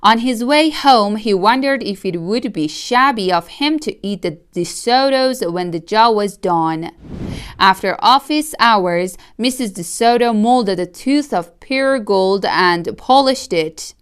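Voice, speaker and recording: A woman reading a children's picture book aloud, slow and gentle. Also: medium pitch, expressive, clean tone. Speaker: storyteller.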